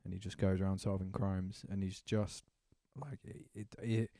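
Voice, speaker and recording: A man's voice: sits low, little pitch movement, normal speed, dark tone, no room sound, studio quality. A man co-hosting a podcast, rambling casually with lots of fillers and swearing. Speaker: podcast co-host. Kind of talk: casual chat.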